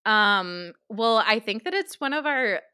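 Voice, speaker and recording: A woman's voice: on the high side, animated, measured pace, sharp tone, clear, resonant tone, no room sound, studio quality. A young woman with a New York accent co-hosting a podcast, talking frankly and animatedly with a friend. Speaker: podcast co-host. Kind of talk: casual podcast chat.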